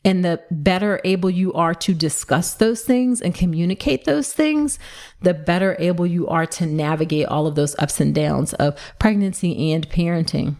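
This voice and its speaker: A woman obstetrician hosting a solo podcast, talking fast and excitedly as she gives advice to listeners. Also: lowish voice. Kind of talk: solo educational podcast talk.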